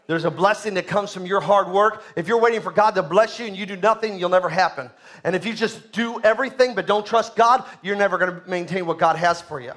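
Pastor guy with a high voice preaching hard, repeats lines, gets the room to answer back. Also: fairly quick, fairly bright tone. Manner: emphatic preaching, repeats phrases, calls for congregation response. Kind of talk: sermon.

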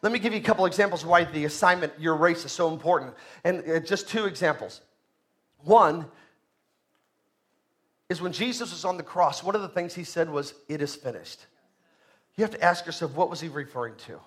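A man, a pastor, preaching a sermon in a church, emphatic and rising loud on key points. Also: on the high side, lively intonation, a little fast.

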